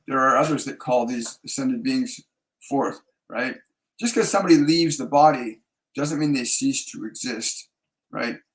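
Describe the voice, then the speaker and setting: A man's voice: mid-range voice, low-quality recording. Hesitant man giving spiritual readings. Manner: hesitant, searching, many restarts and fillers. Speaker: spiritual medium answering viewer questions. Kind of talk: live Q&A readings.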